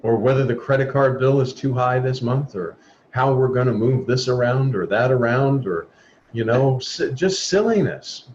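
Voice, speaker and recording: A man's voice: medium pitch, animated, moderate pace, darkish tone. Man giving an earnest spiritual talk. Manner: earnest, exhorting, acts out quoted voices. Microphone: video call. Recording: dull lo-fi video call audio with faint noise.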